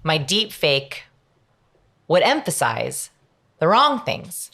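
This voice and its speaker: A middle-aged woman, a guest on an interview podcast, explaining her ideas in an energetic, emphatic way with lots of examples. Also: low voice, slow pace, vocal fry. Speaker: guest, behavioral researcher. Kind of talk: conversational interview.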